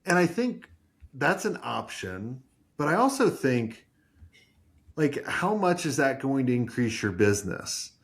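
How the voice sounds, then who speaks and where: A man's voice: medium pitch, very animated, unhurried, husky. A man who owns an agency, talking bluntly and emphatically in a casual podcast conversation and swearing freely. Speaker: agency owner.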